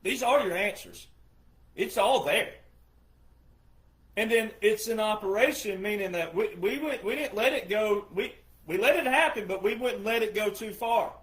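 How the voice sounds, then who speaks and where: A man's voice: high voice, moderate pace, a bit bright. A man who is a retired veteran, giving an emphatic monologue full of repetition and rhetorical questions. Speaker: retired military veteran commentator.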